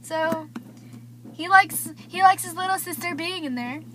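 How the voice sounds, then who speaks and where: Bright high-voiced teen girl gossiping. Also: measured pace. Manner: rambling, filler-heavy, gossipy. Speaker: vlogger. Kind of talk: casual gossip vlog.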